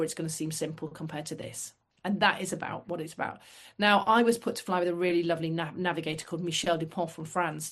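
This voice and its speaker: A middle-aged woman from the United Kingdom, a podcast guest telling lively anecdotes with self-deprecating asides. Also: lowish voice. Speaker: guest, former fast jet pilot. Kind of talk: casual storytelling.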